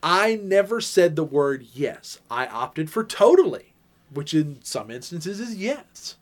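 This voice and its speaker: High-voiced animated male podcast host. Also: slow. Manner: animated, acts out quoted voices, laughs often. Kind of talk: casual storytelling chat.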